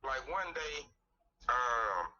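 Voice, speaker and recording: Bright, distant man in his thirties. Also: medium pitch, expressive, very slow. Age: 30s. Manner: rambling storytelling with frequent cursing. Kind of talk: casual chat. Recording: distant, thin lo-fi mic with faint hiss.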